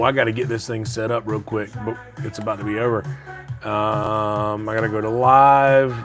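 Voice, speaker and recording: A man streaming live from his home kitchen late at night, chatting casually and keeping his voice down so he won't wake his sleeping roommates. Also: mid-range voice. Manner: talks quietly so as not to wake sleeping roommates; casual and rambling, with fillers.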